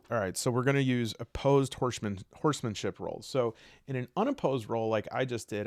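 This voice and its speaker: A man's voice: mid-range voice, a little mellow, no room sound, studio quality. A man playing a tabletop game solo, chatting casually and rambling with humorous asides.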